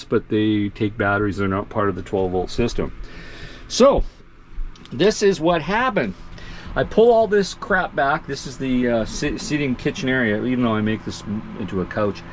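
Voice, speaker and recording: A man with a medium-pitched voice, recorded with a little hiss or hum, gives a casual vlog walkthrough of his motorhome from inside it. The RV vlogger is chatty and self-mocking and laughs often.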